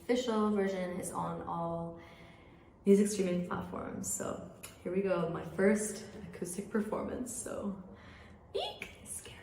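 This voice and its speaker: A young woman singer, soft-spoken and a bit nervous, casually introducing her acoustic song. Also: on the low side, steady tone, measured pace, vocal fry, slight background noise. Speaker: singer-songwriter. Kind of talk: casual intro before a live acoustic set. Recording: roomy, distant mic, loud guitar behind. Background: acoustic guitar.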